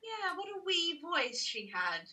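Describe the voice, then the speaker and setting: Polite high-voiced woman, far from the mic. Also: big pitch swings, measured pace. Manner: polite, hesitant, gently concerned. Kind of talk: improvised comic chat. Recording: distant from the microphone.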